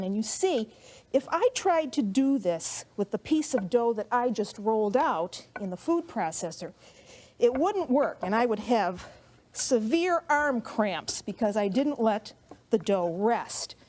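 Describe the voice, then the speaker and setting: A woman's voice: on the high side, a little mellow, a little hiss or hum. A middle-aged woman hosting a cooking show, explaining each step in a chatty, homey way, a bit out of breath as she rolls dough. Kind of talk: cooking demonstration.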